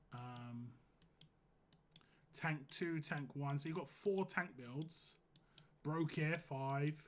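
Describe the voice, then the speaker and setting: A hoarse man streaming a game live, giving casual, rambling commentary full of "like". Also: a little high, slight background noise. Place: home gaming setup.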